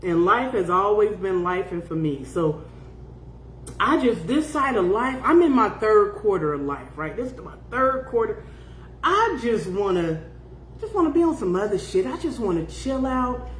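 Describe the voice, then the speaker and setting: A woman's voice: medium pitch, sing-song, moderate pace, slight background noise. A woman in her fifties hosts a loose live chat, reading viewer comments aloud. She talks bluntly, swears freely and breaks into laughter. Her voice rings in a roomy, echoing space. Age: 50s. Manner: blunt and profane, laughs often. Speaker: podcast host.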